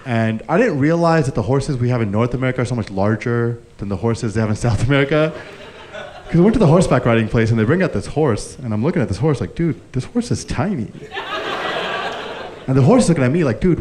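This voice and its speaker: Canadian guy doing standup at a club, mid-pitch, keeps laughing at his own bits, swears a lot. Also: darkish tone, slight background noise. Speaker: stand-up comedian. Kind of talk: stand-up comedy set. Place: comedy club stage.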